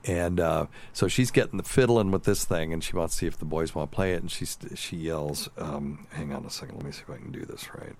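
Deep-voiced man telling stories. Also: a little fast, vocal fry, hardly any pauses. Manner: animated storyteller, shrill impressions of his mother-in-law. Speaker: radio show host. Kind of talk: casual storytelling chat.

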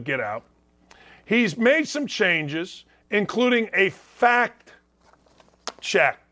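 A middle-aged man delivering an opinionated sports talk monologue in a high voice. His tone is bright and punchy. He wisecracks and hammers each point home by repeating it. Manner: animated, wisecracking, rants with emphatic repetition. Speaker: sports talk show host.

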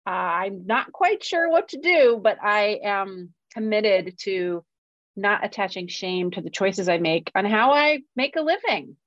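Speaking a little slowly with lively intonation, a medium-pitched woman co-hosts a podcast and opens up about her life as a screenwriter. The talk is a candid, relaxed chat, and she sounds sincere, self-reflective, and now and then openly emotional. It's a dry, dull lo-fi recording.

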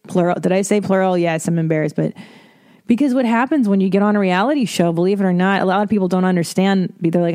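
A woman's voice: lowish voice, dark tone, no room sound, clean studio sound. A woman in her forties hosting a casual solo podcast, rambling through stories with lots of swearing and self-deprecating jokes. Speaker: podcast host.

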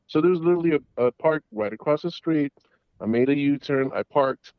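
A middle-aged man calling in to a talk show, telling a story in a rambling, halting way full of restarts and fillers. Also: on the high side, expressive, no echo, highs cut off. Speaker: caller. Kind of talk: casual storytelling. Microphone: phone call.

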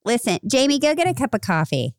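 A woman's voice: on the high side, very animated, quick pace, no room sound, studio quality. A woman co-hosting a podcast in casual chat, playful and laughing often. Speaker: podcast co-host.

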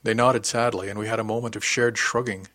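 A man narrating a first-person audiobook in an even, wry storytelling manner. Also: fairly low pitch, brisk, dry recording.

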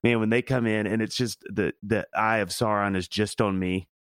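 A man in his thirties co-hosting a podcast, telling stories in a rapid, animated way. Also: lowish voice, no room sound, clean studio sound. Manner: rapid, animated storytelling with laughs. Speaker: podcast co-host. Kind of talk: casual podcast chat.

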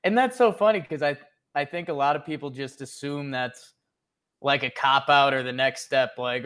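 A man's voice: medium pitch, normal speed, fairly bright tone, clean tone. Joking young man in casual sports chat. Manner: rambling, joking, laughs often. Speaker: podcast co-host.

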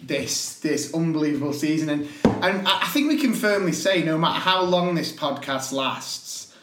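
Animated man in an echoey room. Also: fairly high pitch, moderate pace, background noise. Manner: laughing, animated mock rants. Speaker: podcast co-host and teacher. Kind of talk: casual podcast chat.

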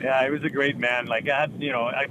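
A man, a former hockey player and interview guest who talks haltingly, with many fillers. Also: mid-range voice, flat delivery. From Quebec City, Canada. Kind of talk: casual interview chat. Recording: muffled with background noise.

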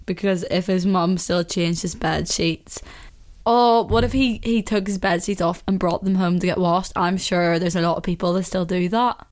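A woman's voice: lowish voice, steady tone, normal speed. Young Northern Irish woman, solo podcast host; casual, chatty, opinionated, laughs a lot. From Northern Ireland.

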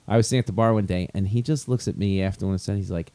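A man's voice: fairly low pitch, rapid-fire, hardly any pauses, mellow, no echo. A man co-hosting a casual chat, telling stories and asking the guest questions. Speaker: podcast co-host.

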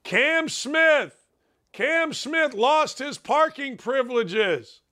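A man's voice: extremely high pitch, lively intonation, drawn-out words, sharp tone. A man hosting a sports talk show, ranting with sarcastic, emphatic opinions.

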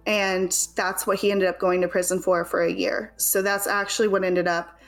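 A young woman, a guest in an interview, recounting her past in a casual, halting way with many fillers. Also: medium pitch, little pitch movement, gravelly, soft background music. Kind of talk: personal storytelling in conversation.

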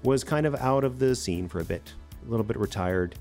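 A man's voice: medium pitch, expressive, a little fast, darkish tone, soft background music. A man co-hosting a podcast in rambling, conversational chat, sometimes mimicking other people. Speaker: podcast co-host.

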